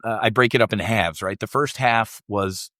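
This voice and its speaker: A man's voice: on the low side, normal speed, bright, forceful tone, no echo, clean studio sound. A middle-aged man, a military veteran guest on a podcast, telling a candid personal story in a rambling way, restarting often and acting out the voices of people he quotes.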